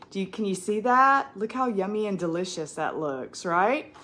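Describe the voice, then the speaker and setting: A woman's voice: medium pitch, expressive, fairly quick, bright, forceful tone. A woman with a Southern US accent hosting a casual cooking demonstration, chatting straight to her viewers. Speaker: cooking video host. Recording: echoey room with faint background noise.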